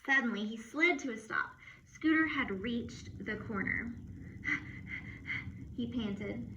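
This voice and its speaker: A woman teacher reading a storybook aloud to children on camera, expressive and playful with asides and sound effects. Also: on the high side, takes it slowly. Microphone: phone or camera. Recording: muffled with steady background noise.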